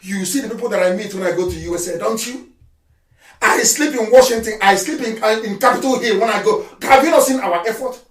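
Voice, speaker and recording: A man delivers a fiery radio address, shouting, mocking and scolding. His voice sits high. It comes through echoey and distant, well off the mic. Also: brisk. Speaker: political activist broadcaster.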